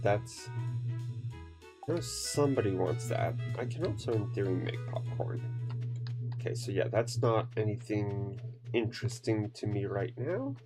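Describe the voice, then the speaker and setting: A streamer chatting casually through a game, humming little tunes to herself and filling pauses with ums. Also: female voice, extremely low pitch, warm tone. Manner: rambling, hums to self, many fillers. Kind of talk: casual gameplay commentary.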